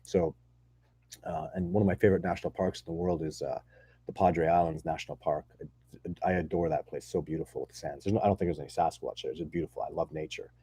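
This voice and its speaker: A man's voice: low-pitched, fast, warm tone, breathy edge, no echo. A man answering viewer questions in a casual live chat, rambling and enthusiastic with many restarts. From not from Texas.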